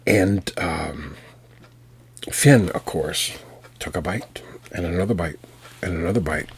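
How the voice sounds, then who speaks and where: An American man working as a storyteller, telling a folk tale in an unhurried, folksy way with fillers and restarts. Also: deep voice, slight background noise. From United States.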